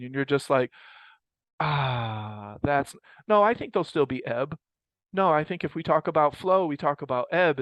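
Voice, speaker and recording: Smooth-voiced man teaching mindfulness. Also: a little high, no room sound, poor audio. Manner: rambling, reflective, self-correcting. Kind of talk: casual group teaching talk. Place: indoor group session.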